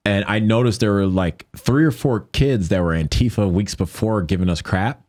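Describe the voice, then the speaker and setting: A deep-voiced American man, a guest on a podcast, retells his story in an animated way, repeatedly slipping into the voices of the people he quotes. He speaks at normal speed, and the clean studio sound has no echo.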